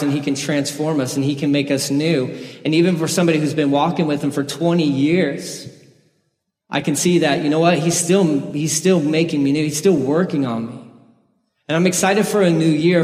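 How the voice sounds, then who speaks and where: A man preaching a sermon in an earnest, conversational way, sharing his own story with the congregation. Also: on the high side. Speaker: pastor. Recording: echoey hall with long reverb.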